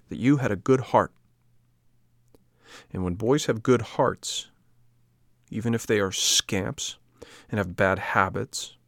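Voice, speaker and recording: A man's voice: fairly low pitch, creaky, no room sound, studio quality. A man voicing a kind but stern motherly fairy, speaking in a solemn, admonishing way in a storybook reading. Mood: tender.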